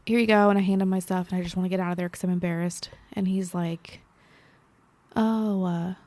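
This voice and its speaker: Young woman podcast co-host, casual chat, lively self-deprecating storyteller, dry close mic. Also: fairly low pitch, fairly quick, dry recording. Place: library recording room.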